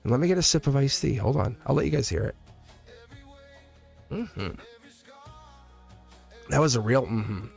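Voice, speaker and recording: A man's voice: medium pitch, expressive, fast, creaky, few pauses, darkish tone, faint music behind. A man hosting a casual live-stream tarot reading, rambling and restarting his sentences, often laughing as he talks. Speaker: live tarot reader and channel host.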